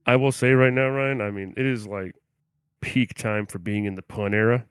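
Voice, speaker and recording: A man's voice: on the low side, steady tone, normal speed, clean tone, dry recording. Profane rambling young man, dry close sound. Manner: rambling, profane, says "dude" constantly. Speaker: podcast co-host. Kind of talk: casual comedy podcast banter.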